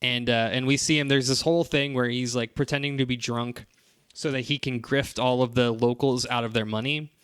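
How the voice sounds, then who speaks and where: A man's voice: medium pitch, fairly quick, clean tone, dry recording. A man casually recapping a comic series on a podcast, rambling with lots of fillers and playful quoted lines. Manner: rambling, animated retelling with many fillers. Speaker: podcast host summarizing a comic. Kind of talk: casual chat.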